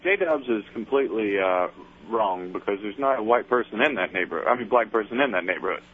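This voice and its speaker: A male caller to a radio show, speaking in a deadpan, low-key way. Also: brisk. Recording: tinny phone line.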